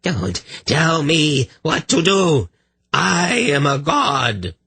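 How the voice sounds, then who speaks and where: A man's voice: on the high side, very animated, extremely slow, vocal fry, pushed and bright, husky, dry recording, voice pushed up, full character voice. A man reading an audiobook, voicing a mad, menacing forest hermit with a rusty, growling voice. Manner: threatening and unhinged.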